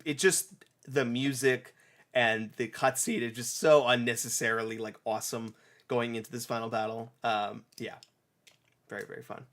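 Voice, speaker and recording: A young man hosting a casual review chat, retelling a game's story with lively acted-out snatches of dialogue. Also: mid-range voice. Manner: animated, acts out characters in quick snatches, many restarts. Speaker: game reviewer. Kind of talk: casual podcast chat, retelling a game plot.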